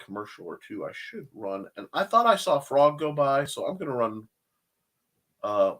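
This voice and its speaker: A man's voice: medium pitch, big pitch swings, normal speed, a bit bright. A man hosting a casual live-stream chat show, rambling through plugs with jokey asides and self-corrections. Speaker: show host.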